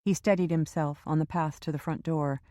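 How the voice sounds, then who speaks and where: Low-pitched woman reading a thriller, steady and measured, dry booth sound. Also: no echo. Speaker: audiobook narrator. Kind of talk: scripted narration.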